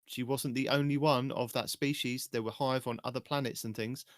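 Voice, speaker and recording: Guy tossing out theories on a gaming podcast, mid pitch, dry close mic. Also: steady tone, brisk, no room sound. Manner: speculative, musing. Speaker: podcast co-host. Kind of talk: casual chat.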